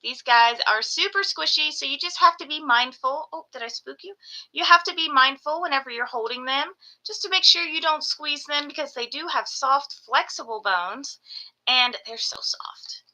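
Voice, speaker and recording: A woman with a high, very bright voice, chatting casually on a live stream from home. She gushes and coos at her pets, slipping into baby talk between her explanations. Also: moderate pace, poor audio. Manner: gushing, baby-talks to her geckos. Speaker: reptile breeder hosting a live sales stream.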